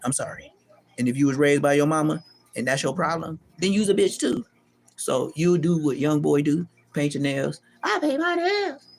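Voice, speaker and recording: A middle-aged man delivering a profane, taunting callout rant to the camera, animated and mocking. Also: moderate pace, creaky. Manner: animated, profane, taunting, pitch leaping high in mocking bursts. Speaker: street vlogger.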